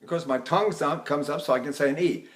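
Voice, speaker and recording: A man, an older voice teacher, giving a lecture on vocal technique and stopping to sing short demonstration phrases and syllables. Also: fast. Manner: breaks into sung and falsetto-high demonstration phrases.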